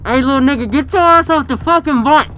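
A young man voicing a hot-tempered male street tough who curses and threatens loudly in a game skit. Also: very high voice, quick pace, faint music behind. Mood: angry. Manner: cursing, threatening, loud.

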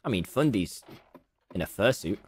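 A man's voice: fairly low pitch, expressive, moderate pace, breathy edge. A man chatting on a game stream, playful and busy with in-game tasks. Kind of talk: casual gaming chat.

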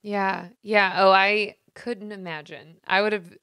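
A woman's voice: mid-range voice, level tone, measured pace, a bit bright, smooth, no echo, clean studio sound. A woman co-hosting a podcast, responding in a supportive, affirming way in casual conversation. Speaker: podcast co-host.

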